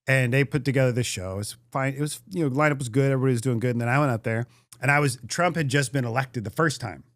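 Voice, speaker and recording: A man telling a story as a guest comedian in a casual podcast chat, animated and profane. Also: medium pitch, fast, dry recording, clean studio sound.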